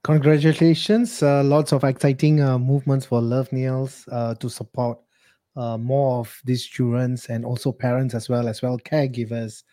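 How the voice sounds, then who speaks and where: A man's voice: mid-range voice, flat delivery, normal speed, mellow. A man hosting an interview, asking long questions hesitantly with many ums. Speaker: podcast host.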